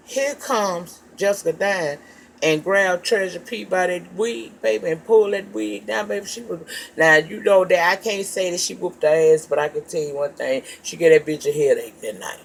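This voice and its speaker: A woman's voice: on the low side, a little hiss or hum. Profane, gossipy woman recapping a show. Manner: profane, animated storytelling, calls listeners child and baby. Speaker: TV reality show reviewer.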